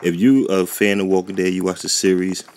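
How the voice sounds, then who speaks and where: A man's voice: low voice, little pitch movement, brisk, darkish tone. A man giving rambling, chatty gameplay commentary who often loses his train of thought, recorded indoors at home. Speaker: gaming YouTuber. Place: warm indoor room at home.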